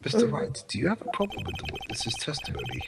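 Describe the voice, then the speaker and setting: A player voicing a hesitant elderly male judge in a game dub, slow and halting. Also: medium pitch, sing-song, creaky, slight background noise. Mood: dithering.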